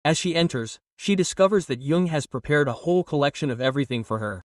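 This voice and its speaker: A man narrating a drama recap in a brisk, even storytelling read. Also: on the high side, dry recording, studio quality, distant mic. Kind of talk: scripted plot narration.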